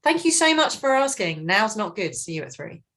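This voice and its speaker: A woman voicing a quiet, focused, reserved office worker who talks in a flat, withdrawn way. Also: mid-range voice, normal speed, voice pushed up. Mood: polite.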